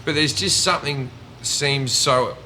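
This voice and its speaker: A comedian guest with an Australian accent chats casually, telling stories, swearing, and mimicking people. His medium-pitched voice is pushed and bright at a measured pace, with a little hiss or hum on the recording.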